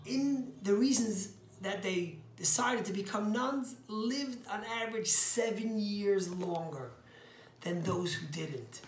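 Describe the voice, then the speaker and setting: Earnest rabbi preaching in an echoey room. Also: male voice, high voice. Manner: earnest storytelling, emphatic on key words. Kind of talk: short inspirational sermon.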